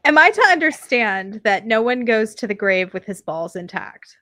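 Wry high-voiced woman co-host. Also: sing-song, moderate pace, bright, forceful tone, dry recording. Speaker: podcast co-host. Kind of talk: casual podcast chat.

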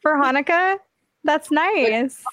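A woman's voice: high voice, animated, slow, fairly bright tone, no echo. A woman hosting a podcast in casual chat, emotional and laughing freely, with frequent swearing. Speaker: podcast host.

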